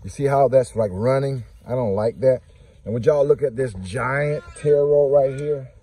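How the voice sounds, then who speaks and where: Warm and husky, the man's medium-pitched voice holds a steady tone at a moderate pace, with no room sound. He's a homestead vlogger giving a chatty outdoor walk-through of his garden plants, addressing viewers directly and telling off his ducks.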